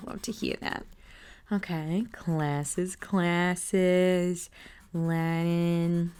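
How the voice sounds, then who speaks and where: A woman's voice: lowish voice, creaky, darkish tone, full character voice. A woman playing a wild gossipy aunt, whispered role-play. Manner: rambling, chatty, drifts in and out of whisper. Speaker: ASMR creator.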